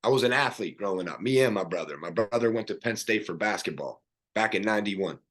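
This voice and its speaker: A man's voice: fairly low pitch, lively intonation, fast, fairly bright tone. A middle-aged man, a podcast guest, earnestly telling his life story in casual conversation, rambling with fillers and restarts.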